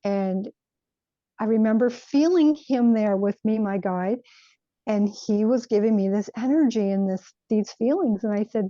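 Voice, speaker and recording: Woman telling her spiritual story, earnest and thoughtful, warm mellow voice, kinda dull lo-fi sound. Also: mid-range voice, unhurried, dry recording. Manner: earnest, reflective, searching for words. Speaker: guest sharing a spiritual experience. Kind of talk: personal storytelling.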